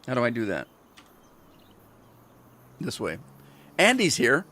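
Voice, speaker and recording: A man's voice: mid-range voice, wildly swooping pitch, takes it slowly, bright, forceful tone. An older American man chatting and telling rambling stories while he streams a farming game, often chuckling. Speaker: gaming livestreamer. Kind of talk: casual chat while playing.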